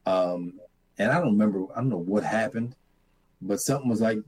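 A middle-aged man, a farmer and mentor, telling reflective stories in an earnest way that turns animated as he retells them. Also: lowish voice, fairly quick, slightly rough, poor audio. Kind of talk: reflective storytelling.

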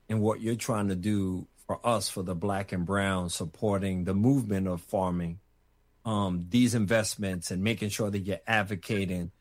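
A male host guides the conversation with long, thoughtful questions delivered at a measured pace. His voice sits on the low side. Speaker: interviewer. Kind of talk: interview questions.

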